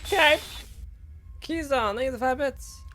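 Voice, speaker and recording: A man's voice: extremely high pitch, normal speed, pushed and bright, faint music behind. A man streaming a game live, joking and thanking viewers.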